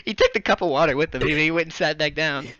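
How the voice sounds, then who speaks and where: A young man hosting a podcast, telling a story in casual chat, animated and laughing often. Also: on the high side, brisk, dull audio. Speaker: podcast host.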